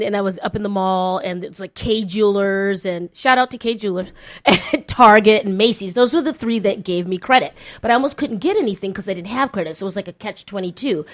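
Casting note: a woman playing an upbeat, chatty podcast host in her thirties, mid-pitched. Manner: chatty, upbeat, lively questions. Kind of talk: casual interview chat.

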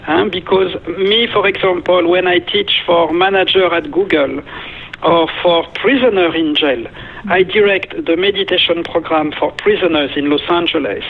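A man's voice: sits high, normal speed, slightly rough. A man from France with a French accent, a meditation teacher and guest, speaking earnestly in short phrases. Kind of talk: phone-in interview. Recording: tinny phone line.

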